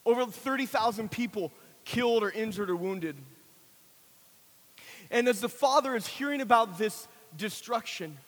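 High-voiced man preaching in a hall. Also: expressive, moderate pace. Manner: dramatic storytelling, swelling to shouts then hushed prayer. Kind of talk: sermon with a closing prayer. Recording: long hall reverb.

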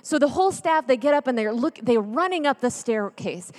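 A woman's voice: sits high, a little fast. Chatty woman storytelling in a big hall. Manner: lively, chatty, jokey, then earnest and hushed. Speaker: speaker at a church gathering. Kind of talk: storytelling sermon. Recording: long reverb of a large hall.

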